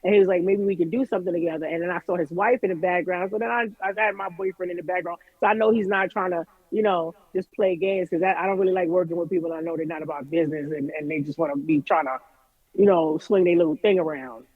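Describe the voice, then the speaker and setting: A woman's voice: fairly low pitch, fast, no room sound, phone-quality sound. A woman artist, from Jamaica, talking candidly in a casual remote interview and acting out what people said to her. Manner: candid, chatty, quoting people in lively voices. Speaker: music artist guest.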